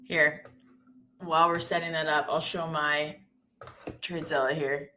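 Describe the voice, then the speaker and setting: Bright-voiced woman hosting a trading stream. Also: low-pitched, little pitch movement, unhurried, slight background noise. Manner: chatty, giggly, self-deprecating. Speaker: live trading stream host. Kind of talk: casual live-stream chat.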